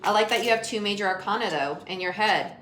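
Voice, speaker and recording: A woman's voice: medium pitch, quick pace, fairly bright tone, faint music behind. A woman giving a casual tarot reading, talking straight to the viewer in a chatty way and often laughing. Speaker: tarot reader. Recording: echoey room with faint noise.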